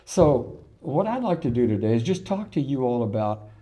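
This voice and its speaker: A man's voice: medium pitch, sing-song, moderate pace, warm tone. An older man giving a folksy history lecture, telling stories and asking the audience rhetorical questions. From Texas. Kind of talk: public lecture.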